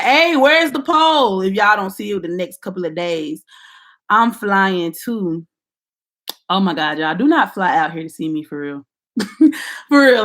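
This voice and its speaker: A young woman with a Southern American accent, chatting casually on a livestream, reading comments and talking straight to her viewers in a playful, animated way. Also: mid-range voice. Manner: animated, playful, Southern-tinged slang, talks to viewers directly. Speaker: YouTuber doing a livestream. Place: at home at her computer.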